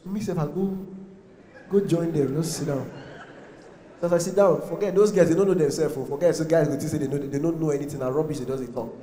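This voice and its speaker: Speaking fast in a slightly high voice, a young man with a Nigerian accent does a stand-up set in a big, echoey comedy hall full of people. His storytelling is animated, mixing in pidgin as he plays out the characters' voices.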